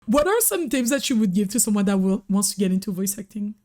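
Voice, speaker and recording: A young woman hosting a casual interview, asking questions in a relaxed, chatty way that often trails off with fillers. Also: medium pitch, fast. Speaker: interview host.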